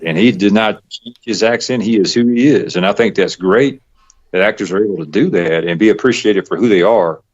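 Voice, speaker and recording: Casual podcast guest: Southern man, low voice, rambling with stops and starts, muffled lo-fi sound. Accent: Southern US, Georgia. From Georgia, US South. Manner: rambling, halting, laughs often. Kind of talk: casual chat. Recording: dull lo-fi podcast audio.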